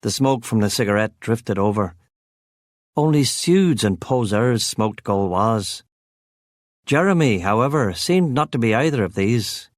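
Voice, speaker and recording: A man reading a first-person crime novel aloud in a measured, steady audiobook narration. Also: fairly low pitch, no room sound, clean studio sound.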